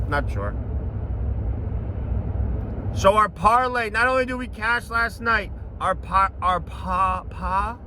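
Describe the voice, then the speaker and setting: High-voiced hyped sports betting host. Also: male voice, slight background noise, poor audio. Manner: hyped, breaks into shouted chants. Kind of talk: casual sports betting commentary.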